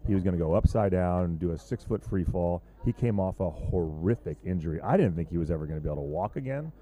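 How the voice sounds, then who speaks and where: A man calling a surf contest live, his voice low and very dark in tone. He talks in a loose, joking way, rambling through plenty of fillers as he chats with his co-host. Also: expressive, fast talker. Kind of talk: live sports commentary.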